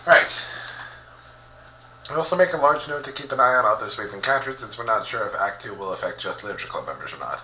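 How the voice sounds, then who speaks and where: A man hosting a let's play, reading a visual novel aloud and reacting with excitable, animated commentary. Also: lowish voice, fast, reverberant, slight background noise, rough recording.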